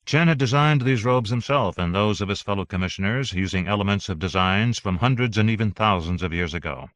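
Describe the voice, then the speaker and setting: A man narrating an audiobook in a steady, even reading voice. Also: fairly low pitch, a little fast, no room sound.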